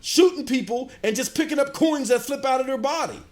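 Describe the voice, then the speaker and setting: A middle-aged man streaming games, ranting and answering his chat in an animated way. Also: very high voice, a little fast, soft background music. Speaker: gaming streamer. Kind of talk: livestream commentary, answering chat.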